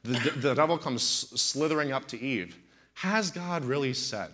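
A man's voice: medium pitch, lively intonation, normal speed, pushed and bright. A man in his thirties, a pastor preaching in a talk-show setting, telling stories animatedly and with indignant emphasis.

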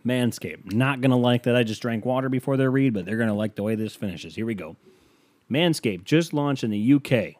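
Man, podcast host, sarcastic, deadpan, casual swearing, dry close mic. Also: mid-range voice, a little fast, no echo. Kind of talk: casual podcast chat with ad read.

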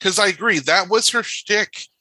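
A man's voice: sits high, moderate pace, bright, forceful tone, no room sound. A man hosting a casual chat in a playful, jokey way. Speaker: podcast host and moderator.

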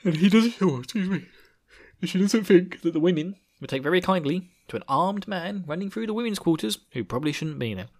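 A man's voice: sits high, animated, a little fast, darkish tone. A man recapping a story chapter in a casual, rambling way, with jokes and giggles. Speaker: podcast host.

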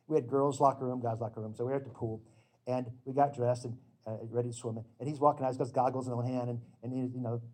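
A middle-aged man preaching a sermon with slides, in an earnest, emphatic storytelling manner that breaks into sudden loud bursts. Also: mid-range voice, slight background noise.

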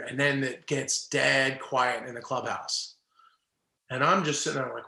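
A man's voice: mid-range voice, a little slow, gravelly, roomy sound. A middle-aged man, a former ballplayer, telling a story in casual chat and acting out the people in it. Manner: animated, acts out quoted people. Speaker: former baseball player, guest.

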